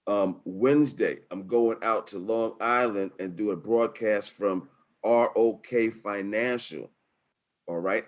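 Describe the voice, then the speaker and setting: A man hosting a webinar from home over a video call, wrapping up with energetic, slangy, emotional talk. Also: lowish voice. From New York City. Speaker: webinar host. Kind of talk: hyped-up casual webinar wrap-up. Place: home setup in Harlem.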